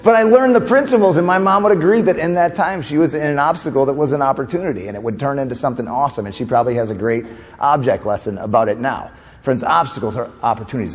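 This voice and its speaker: A man's voice: medium pitch, darkish tone. A male motivational speaker with a mid-range voice. He talks conversationally and keeps pulling the audience in with questions. His voice rings through the long reverb of a big conference hall. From New York. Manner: conversational, asks the audience questions, tag "right?". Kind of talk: humorous motivational keynote.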